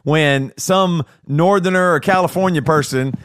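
Fairly high-voiced man, casual chat. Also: a bit bright, clear, resonant tone, no echo, studio quality. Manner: agreeable, quick interjections. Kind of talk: casual conversation.

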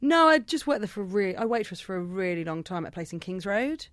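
A woman's voice: medium pitch, fast talker, no echo, studio quality. Chatty young woman. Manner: chatty, animated storytelling with mimicked voices. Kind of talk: casual chat.

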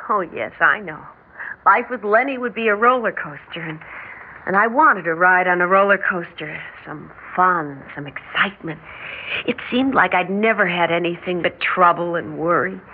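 An actress playing a quiet, weary young mother who speaks softly and hesitantly in an old radio drama. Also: lowish voice, moderate pace, lightly acted. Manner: soft-spoken, hesitant. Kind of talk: 1950s radio drama acting. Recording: tinny old radio broadcast with faint hiss.

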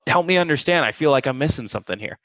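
A man's voice: medium pitch, lively intonation, racing, fairly bright tone, no echo, poor audio. A man co-hosting a sales advice podcast, emphatic and blunt, acting out quotes. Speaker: co-host.

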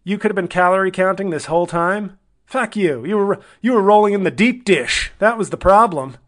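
A man's voice: high-pitched, a little fast, voice pushed up, close to an everyday voice. A man ranting as a fed-up indignant ex-husband. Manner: shouting, indignant, profane.

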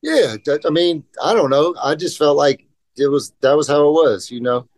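A man's voice: a little high, moderate pace, dry recording. Rambling, profane man telling skate stories. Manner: rambling, profane, acts out quotes. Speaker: guest, professional skateboarder. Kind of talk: casual podcast interview, storytelling.

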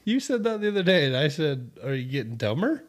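A man's voice: a little high, sing-song, fast talker, slight background noise. Joking male podcast host. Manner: joking, teasing banter. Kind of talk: casual chat.

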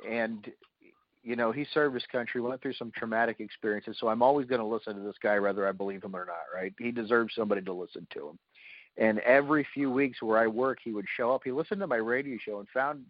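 A man telling anecdotes in a casual, animated way, full of fillers, as an interview guest. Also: medium pitch, no echo, highs cut off. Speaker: paranormal investigator guest. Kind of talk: casual storytelling.

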